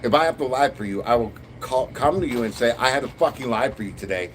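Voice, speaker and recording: A man's voice: mid-range voice, animated, quick pace, slight background noise. A man chatting bluntly and profanely while streaming a Lego build. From Canada. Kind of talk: casual live-stream chat.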